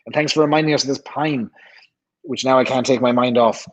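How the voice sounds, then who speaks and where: A man's voice: medium pitch, steady tone, brisk, rough recording. An Irish man hosting a casual livestream, chatting and reading viewer comments aloud, often repeating himself. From Ireland. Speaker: livestream host.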